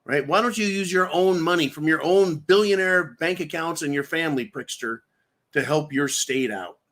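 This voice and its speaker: A man's voice: on the high side, normal speed, a bit bright. A man hosting a political livestream in a ranting, mocking way with crude insults. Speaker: livestream host.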